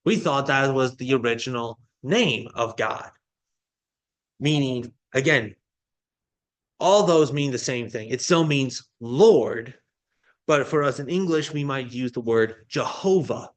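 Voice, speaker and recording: A man's voice: medium pitch, takes it slowly. A male pastor delivering a sermon, explaining a Bible passage in a teaching manner with frequent restarts.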